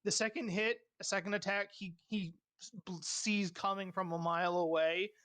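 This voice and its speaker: A man's voice: sits high, fairly even intonation, moderate pace, pushed and bright. A man running a tabletop game as dungeon master, laughing often and restarting his sentences.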